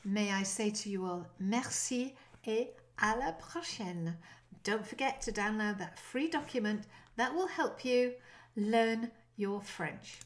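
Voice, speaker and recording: A woman teaching an online language lesson, lively and encouraging, demonstrating short French phrases. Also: medium pitch, unhurried.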